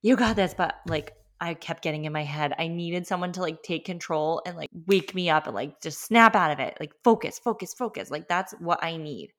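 A young woman hosting her own podcast, talking casually through a personal story. She speaks in a fairly low voice and leans on "like" as she stresses her points. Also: normal speed, few pauses, a bit bright. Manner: chatty, emphatic, lots of "like". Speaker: podcast host.

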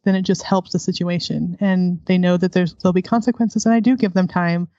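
A woman's voice: fairly low pitch, fairly even intonation, brisk, warm tone, dry recording, lo-fi sound. A woman guest, an adoptive homeschooling mother, speaking candidly in a conversational interview and laughing often.

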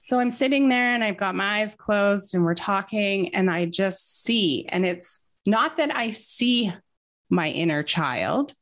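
A woman's voice: medium pitch, lively intonation, unhurried, fairly bright tone. Earnest woman guest on a chat show, reflective storyteller, medium voice. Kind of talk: casual interview conversation.

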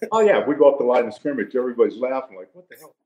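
A man's voice: mid-range voice, big pitch swings, racing, narrow, tinny audio, heavy background noise. Joking older man, echoey room. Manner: jokey, laughing storyteller. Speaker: guest, retired football player. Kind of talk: casual storytelling.

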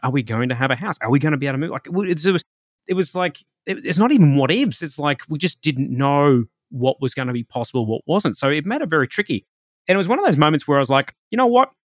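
A man's voice: mid-range voice, a bit bright, dry recording, studio quality. A man, hosting a podcast and telling a personal story in a chatty, rambling way full of fillers and restarts. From Australia. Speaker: podcast host and spiritual reader.

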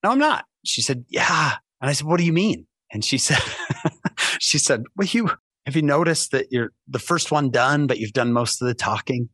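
Animated storytelling man on a podcast. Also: moderate pace, breathy edge, no room sound. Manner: animated storyteller, acts out quoted voices with big pitch jumps. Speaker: podcast guest. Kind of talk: casual storytelling.

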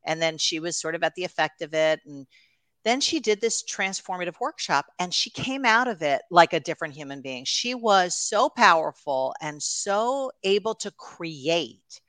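A woman in her fifties from New York, a guest coach telling stories in an animated, chatty podcast conversation. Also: lowish voice, moderate pace, no room sound. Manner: animated storyteller, laughs easily.

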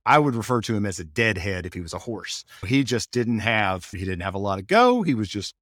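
A man hosting a casual podcast about dog training, asking guiding questions and telling relaxed anecdotes. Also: on the low side, brisk, dry recording, studio quality.

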